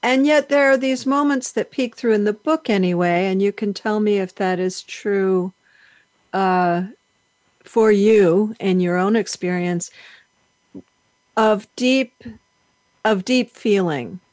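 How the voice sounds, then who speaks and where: Slow-talking woman interviewer. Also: medium pitch, a little mellow, dry recording.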